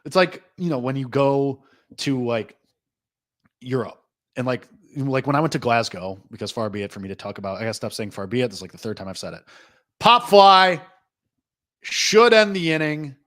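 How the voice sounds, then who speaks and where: A man hosting a live sports betting reaction show, talking loosely and rambling, full of "like", with excitable jumps and low asides. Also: a little fast, no echo. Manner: rambling, loose, heavy use of "like"; excitable swings between lively and low asides. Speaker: host.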